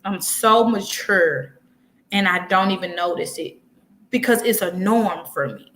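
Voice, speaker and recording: A woman's voice: medium pitch, measured pace, rough recording. A woman in her twenties on a talk show, telling stories animatedly, acting out what people said and laughing often. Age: 20s. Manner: animated storyteller, acts out quotes, laughs often. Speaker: guest. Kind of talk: casual chat.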